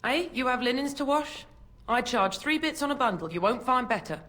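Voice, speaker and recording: A woman's voice: sits high, animated, brisk, fairly bright tone. An actress playing a poor, resentful washerwoman who talks bluntly and coarsely. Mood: hawking. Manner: blunt, resentful, coarse working-class speech. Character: bitter poor washerwoman, grown sister.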